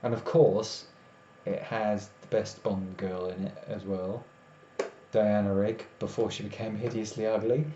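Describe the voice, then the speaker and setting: A man's voice: on the low side, level tone, a little slow, dark tone. A tired man, rambling casually as he chats with viewers on a live stream. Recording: echoey room, dull lo-fi sound, faint noise.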